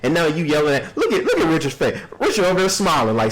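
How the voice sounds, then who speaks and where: Animated man mocking a court clip. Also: a little high, fast talker, few pauses, rough recording. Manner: animated, mocking, acts out people in quotes. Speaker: podcast host reacting to a court video. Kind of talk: casual commentary.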